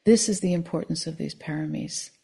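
Woman meditation teacher, lowish voice, soft and slow, contemplative dharma talk. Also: vocal fry, breathy edge. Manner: soft, slow and contemplative, at times near a whisper.

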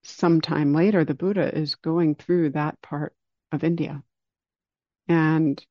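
A man giving a dharma talk, telling a story in a calm, unhurried way and slowing down for emphasis. It is a dull lo-fi recording. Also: fairly high pitch, no room sound. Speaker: meditation teacher.

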